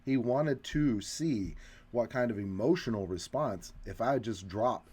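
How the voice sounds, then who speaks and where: A man's voice: mid-range voice, lively intonation, measured pace, darkish tone, slightly rough. A man co-hosting a casual film discussion, analyzing characters' motives in an explanatory way with occasional fillers. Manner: analytical, breaks down motives and points out scripting.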